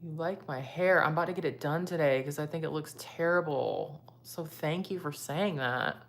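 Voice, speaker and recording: A woman's voice: sits low, normal speed. A young woman vlogger chatting casually with viewers while doing her makeup, answering their comments as she goes. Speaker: beauty vlogger.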